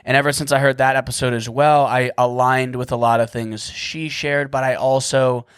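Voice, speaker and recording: A man's voice: medium pitch, flat delivery, normal speed, a bit bright, smooth, dry recording, clean studio sound. A man in his thirties hosting a solo podcast, goofy and rambling, at times frantic and sarcastic. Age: 30s. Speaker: podcast host.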